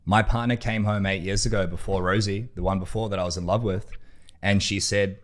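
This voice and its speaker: A man's voice: fairly low pitch, steady tone, a little fast. A man hosting a podcast, talking bluntly and emphatically in a casual conversation, swearing freely. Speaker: podcast host.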